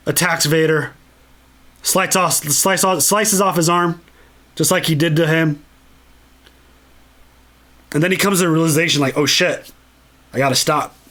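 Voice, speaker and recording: A man hosting a solo podcast, talking casually and excitedly, swearing a lot and acting out lines from movies. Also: a little high. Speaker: podcast host.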